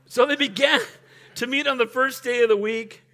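A man's voice: extremely high pitch, fairly even intonation, moderate pace, sharp tone. A middle-aged male pastor preaching a sermon in a conversational, humorous way, often laughing and asking for an amen.

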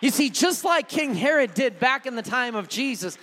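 A male pastor preaching a sermon, building from soft talk to shouting and repeating his phrases. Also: extremely high pitch, lively intonation, normal speed, in a large hall, some chatter behind, slight background noise. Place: church sanctuary.

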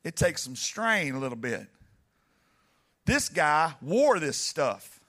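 This preacher's slightly high voice has a sing-song lilt and a slow pace. His sermon is animated and dramatic, spoken straight to the congregation and rising to near shouting.

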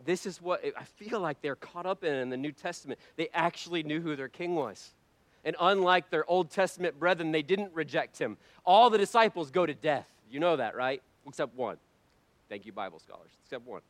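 A man preaching a sermon to his church, impassioned and swinging between hushed lines and loud ones. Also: on the high side, lively intonation, brisk, dry recording. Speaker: pastor.

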